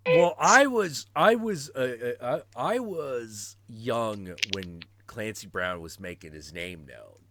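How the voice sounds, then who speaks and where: Animated, profane man hosting a stream. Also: mid-range voice, slow, hardly any pauses, background noise. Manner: animated, profane, acts out quotes. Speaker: stream host. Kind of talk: casual chat.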